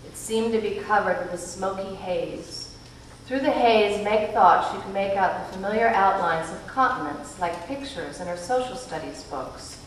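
A woman reading a novel aloud at a live event, with measured, expressive narration. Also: mid-range voice. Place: event hall. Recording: echoey hall from far off, faint noise.

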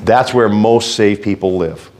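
A fervent male preacher with a fairly low voice delivers a folksy sermon. He swings from quiet, low asides to loud, urgent exhortation. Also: a little slow. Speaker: pastor.

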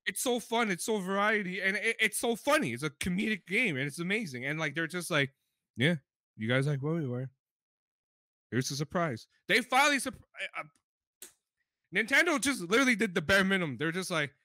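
High voiced guy ranting super hyped on a podcast, lots of swearing, jumps up and down in pitch. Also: fairly quick, dry recording. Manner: animated, swearing, mimics deep voices of company speakers. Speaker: podcast co-host. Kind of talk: excited casual chat.

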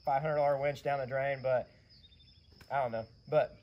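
A man with a hoarse, raspy voice, animatedly retelling a trip in a casual vlog. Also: mid-range voice, steady tone, normal speed, muffled recording. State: hoarse from yelling. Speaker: channel host, custom car builder.

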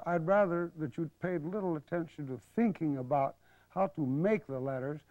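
An older man, a calligraphy teacher, giving a patient televised lesson and murmuring softly while he writes. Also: a little high, no echo. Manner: patient, explanatory, drops to a murmur while writing. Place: studio. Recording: dull 1970s broadcast TV audio.

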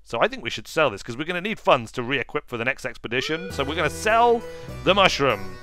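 Playful, bright-voiced male gamer. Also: fairly high pitch, very animated, fast talker, soft background music. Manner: playful, jokey, self-mocking. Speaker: let's play host. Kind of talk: gameplay commentary.

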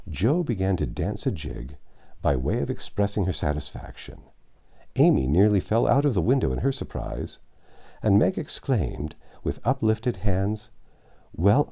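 Male narrator reading a classic novel, dark, husky delivery. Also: low-pitched.

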